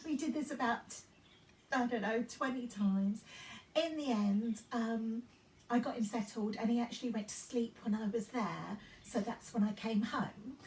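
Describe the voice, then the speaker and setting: A woman's voice: a little high, a little slow, a little mellow, a little hiss or hum. A woman in her fifties chatting casually in a vlog, rambling through her story with many ums and restarts. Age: 50s. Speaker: fashion vlogger. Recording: roomy sound from a distance off the mic.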